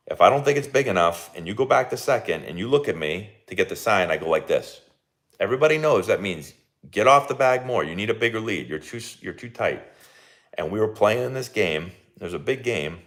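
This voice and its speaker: A young man, a baseball coach hosting a casual live watch-along and chatting with lots of fillers and laughs. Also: deep voice.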